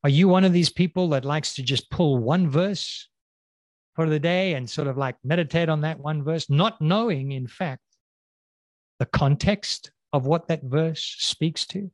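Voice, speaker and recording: A man preaching a sermon, pressing the listeners with repeated questions and slowing down to stress key words. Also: fairly high pitch, dry recording. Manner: questioning, emphatic, slows and drops on key words.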